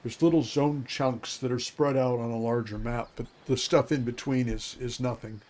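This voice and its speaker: A man's voice: mid-range voice, steady tone, normal speed, darkish tone. Older man rambling over gameplay. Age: 50s. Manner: rambling, talks to himself, chuckles. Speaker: game streamer. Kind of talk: casual gameplay commentary.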